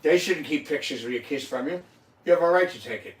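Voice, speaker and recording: A man's voice: fairly high pitch, brisk. Emotional, profane man in an echoey room. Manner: emotional, profane, insistent and repetitive. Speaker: host. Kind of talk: casual livestream chat. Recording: echoey room, mic at a distance.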